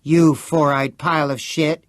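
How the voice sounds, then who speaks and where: A man's voice: high voice, very animated, a little slow, no echo, clean studio sound, voice pushed up, heavily acted. A blunt, scoffing young boy with a tough-guy edge, as a man puts him on. His voice sits well above a man's, in a storybook reading.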